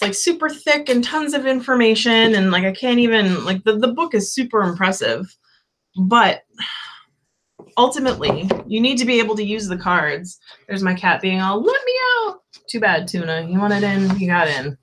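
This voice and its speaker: A woman's voice: mid-range voice, normal speed, fairly bright tone, slight background noise. A young woman hosting a casual live-stream chat, candid and rambling, full of fillers and the odd swear. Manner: chatty and candid, lots of "like" and "um", swears freely. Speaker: tarot channel host.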